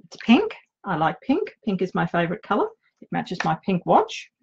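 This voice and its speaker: A woman's voice: on the low side, huge pitch swings, moderate pace, gravelly, muffled recording, noisy background. A middle-aged woman with an Australian accent, an author chatting casually and nervously in her home office, joking about herself. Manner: chatty, nervous and self-deprecating. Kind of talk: casual live video chat.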